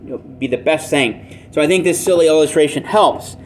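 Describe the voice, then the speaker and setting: A man's voice: fairly high pitch, normal speed, slight background noise. A man preaching a sermon in an earnest, plainspoken way, with self-deprecating asides. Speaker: pastor.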